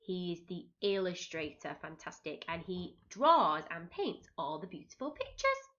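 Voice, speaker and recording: A woman teacher reads a picture book aloud to very young children, pausing to gasp and ask them what comes next. Her voice is bright and her pace unhurried. The recording sounds dull and lo-fi. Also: fairly low pitch. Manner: expressive, gasping, asking children questions. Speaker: reception teacher.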